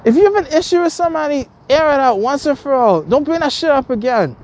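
High-voiced woman ranting angrily. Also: sing-song, quick pace, darkish tone. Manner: angry, repetitive, stammering restarts, swears constantly. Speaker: vlogger. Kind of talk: heated profane rant to camera.

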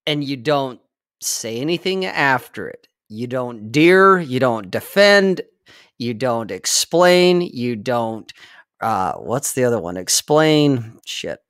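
A man's voice: medium pitch, lively intonation, slow pace, fairly bright tone, clear, resonant tone, dry recording, clean studio sound. A man in his forties chatting casually, blunt and profane, hammering his points home. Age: 40s. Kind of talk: casual chat.

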